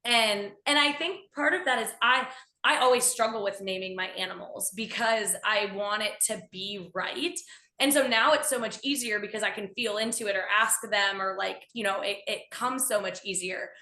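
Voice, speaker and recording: Bright, enthusiastic woman in an echoey room. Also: mid-range voice, moderate pace. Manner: enthusiastic, acts out voices in quotes. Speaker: guest, animal communicator. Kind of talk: casual conversational interview.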